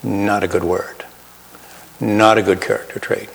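A man's voice: fairly low pitch, flat delivery, a little slow, vocal fry, big-room sound, rough recording. A man preaching a sermon in a folksy, self-deprecating way, shifting his pace and volume for emphasis. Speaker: pastor.

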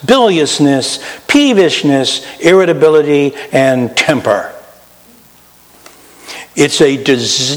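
A man's voice: mid-range voice, long reverb tail, rough recording. A man preaching a sermon in a folksy, self-deprecating way, shifting his pace and volume for emphasis. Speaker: pastor.

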